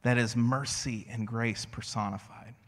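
A man preaching a sermon as a pastor, conversational and storytelling, slowing to a hush on key phrases. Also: medium pitch, steady tone, big-room sound. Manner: conversational, storytelling with self-deprecating asides.

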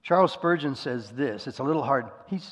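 A man's voice: mid-range voice, lively intonation, fairly quick. A middle-aged man preaching a conversational sermon, folksy and self-deprecating, telling homespun stories. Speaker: pastor. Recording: long reverb of a large hall.

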